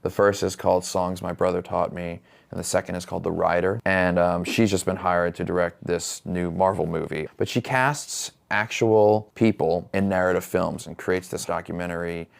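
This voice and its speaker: A man's voice: deep voice, fairly even intonation, moderate pace, gravelly, hardly any pauses. A man in his forties, an actor and filmmaker, talking casually and enthusiastically as an interview guest. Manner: enthusiastic, conversational recommendations.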